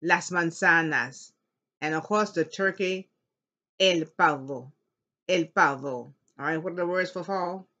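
A woman teaching an elementary Spanish class, slowly modeling words for students to repeat and cheering them on. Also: on the low side, sharp tone. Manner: upbeat and encouraging. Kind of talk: classroom language lesson. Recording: dull lo-fi classroom recording.

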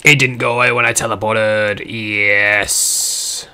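Low, slow-talking man swearing at a game. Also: level tone, clean tone. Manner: swears a lot, loud outbursts at the game. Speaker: gamer playing a video game. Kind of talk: casual gameplay commentary.

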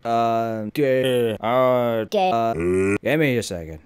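Speaking slowly in a mid-range voice with a darkish yet clean tone, a young gaming channel host talks to himself as he plays. He jokes through running gameplay commentary, picked up by a headset microphone.

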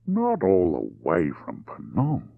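Man playing a young Australian truck driver, calm and slow-drawling, with a lively rise and fall, dry and a bit dull. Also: lowish voice, no echo, voice pushed up. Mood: deliberate.

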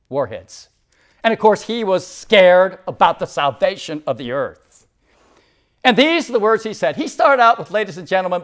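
A man in his sixties preaching a sermon as church leader, swinging from loud declarations to near whispers. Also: sits high. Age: 60s.

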